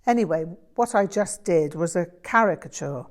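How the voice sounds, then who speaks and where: A woman's voice: lowish voice, animated, moderate pace, lightly acted. A woman voicing a modest, reflective young English man who talks about himself in a self-deprecating way.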